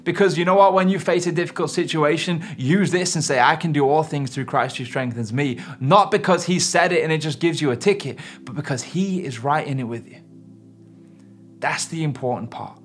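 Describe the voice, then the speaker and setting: A man's voice: fairly high pitch, a little fast. Earnest man preaching, faint music. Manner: earnest, emphatic preaching with rising and falling intensity. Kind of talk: sermon.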